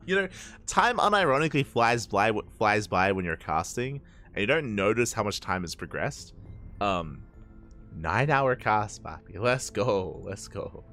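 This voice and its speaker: A man's voice: lowish voice, a bit bright. A man casting a live game late at night, tired and slightly slurring his words, chatty and full of repeated hype lines. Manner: chatty, hypes with repeated catchphrases. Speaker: esports caster.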